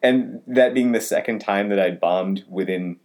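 A man co-hosting a podcast, telling a personal story in casual, animated chat. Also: normal speed. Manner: animated storytelling with wide pitch swings. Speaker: podcast co-host.

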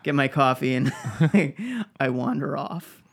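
A man tells a rambling story on a casual podcast. He keeps breaking into laughter and puts on quick voices for the people in the tale. His pitch sits in the middle range. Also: lively intonation, gravelly, a bit bright. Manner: laughs often, acts out quoted voices. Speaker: podcast co-host.

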